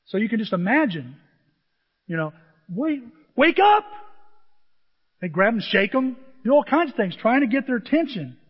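Husky middle-aged male pastor, animated sermon delivery, dull recording with a long hall reverb. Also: sits high, fairly quick, hardly any pauses. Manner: animated, shifts between shouting and near-whispers.

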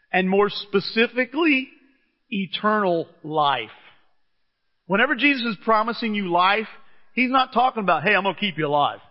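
A middle-aged man preaching a sermon in a conversational, enthusiastic storytelling manner, recorded in a church. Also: sits high. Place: church hall. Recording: muffled church recording with long reverb.

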